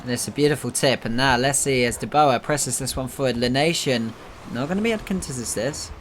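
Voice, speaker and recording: A man from the United Kingdom casting a live esports match, chatty between plays and bursting loudly at every goal. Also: medium pitch, fairly quick, a little hiss or hum. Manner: excitable, jumps up loudly at goals, chatty asides. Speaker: esports caster. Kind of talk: live play-by-play commentary.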